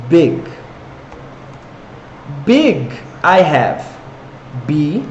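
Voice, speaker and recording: A man's voice: on the high side, dull audio. A young man with a Brazilian Portuguese accent, a Portuguese native speaker, teaching an online English lesson and asking viewers questions. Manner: engaging, asks viewers questions and reads comments aloud. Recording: echoey room with faint noise.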